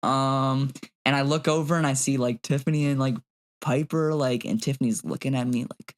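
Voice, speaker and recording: A young man co-hosting a podcast, telling a story in an animated, casual way with plenty of "like" and swearing. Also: mid-range voice, moderate pace. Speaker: podcast co-host. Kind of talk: casual chat.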